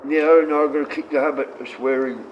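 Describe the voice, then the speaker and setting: A man's voice: on the high side, fairly even intonation, quick pace. Blunt rambling Australian man. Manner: blunt, rambling, reads chat aloud and talks to his dogs. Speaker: live streamer. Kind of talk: casual live-stream chat. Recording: dull lo-fi stream audio with faint noise.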